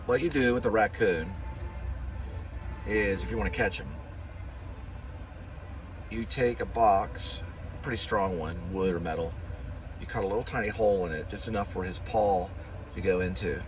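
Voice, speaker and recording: A man talks through a casual driving vlog in a lowish voice, rambling from one folksy story to the next. He pokes fun at himself as he goes. Road and traffic noise comes through clearly behind him. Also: normal speed, long pauses, rough recording. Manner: rambling, folksy, self-deprecating. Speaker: vlogger. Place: in a car on city streets.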